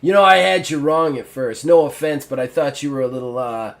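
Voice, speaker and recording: A man's voice: on the high side, a little fast, vocal fry. A man voicing a chummy, overfamiliar human guard who talks in a loose, friendly way.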